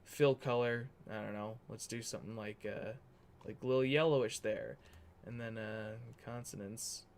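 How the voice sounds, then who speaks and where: A man's voice: on the low side, fairly even intonation, moderate pace, slight background noise. A man hosting a livestream, chatting casually in a rambling, self-correcting way while he works on a document. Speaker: livestream host.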